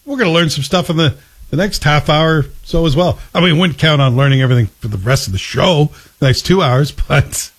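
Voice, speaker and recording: A man's voice: on the high side, fairly quick, breathy edge. A man hosting a morning talk radio show, chatting casually and sharing bits of trivia.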